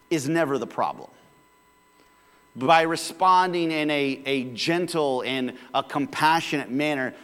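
A man's voice: fairly high pitch, a bit bright, big-room sound. A male pastor preaching a sermon in a casual, conversational way, with sudden bursts of volume.

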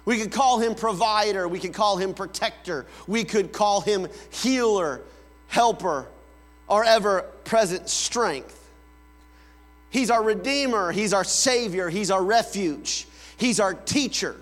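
A pastor preaching with a high voice and a slow, deliberate pace. He tells family stories and playfully imitates his kids calling out. His voice rings in a big reverberant hall over a faint mains hum. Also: a bit bright. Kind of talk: sermon.

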